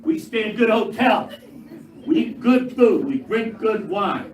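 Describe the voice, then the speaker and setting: Older guy doing stand-up, gruff and swearing a lot, sounds kinda far off in an echoey room w/ noise. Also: expressive, measured pace. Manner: gruff, profane, punchy delivery with big pitch jumps. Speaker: stand-up comedian. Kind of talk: stand-up routine. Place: live comedy club stage. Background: audience laughter.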